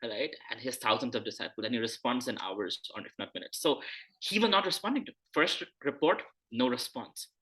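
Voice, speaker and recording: A man's voice: medium pitch, expressive, fairly quick, pushed and bright. A man giving a conversational scripture talk, acting out quoted dialogue as he tells a personal story. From India. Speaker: spiritual teacher.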